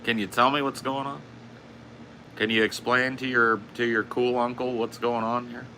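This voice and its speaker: A man's voice: mid-range voice, little pitch movement, moderate pace, bright, forceful tone, a little hiss or hum. A man streaming live, ranting casually with lots of swearing and repeating himself. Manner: profane, rambling rant; frequent coughing. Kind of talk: casual livestream chat.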